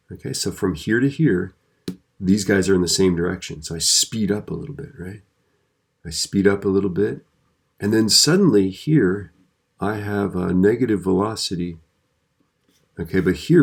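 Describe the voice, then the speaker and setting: A man's voice: low voice, creaky, slightly rough. A man teaching a physics video lesson in a conversational way, often checking in with the listener.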